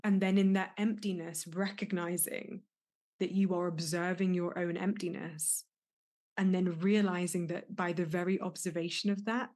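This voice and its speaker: A woman's voice: medium pitch, a little mellow. A young adult woman hosting a solo podcast, talking candidly and with emotion, often restarting her sentences as she reflects. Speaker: podcast host and life coach.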